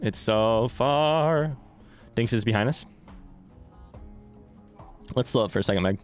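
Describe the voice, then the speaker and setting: A man's voice: mid-range voice, measured pace, soft background music. A man streaming a multiplayer game, chatting casually and joking with friends, swearing freely. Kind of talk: casual gaming chat with friends.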